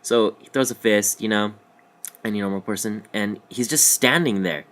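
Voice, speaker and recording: A man's voice: lowish voice, moderate pace, a bit bright. A young adult man vlogging, telling a comic story in a loose, rambling, jokey way with slangy asides.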